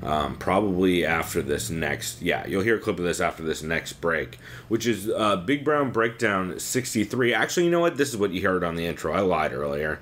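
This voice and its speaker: A young man records a solo podcast segment with a slightly low-pitched voice. He rambles through a recap full of fillers and swearing, sounding exasperated. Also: big pitch swings, normal speed, few pauses, fairly bright tone, slight background noise. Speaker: podcast host.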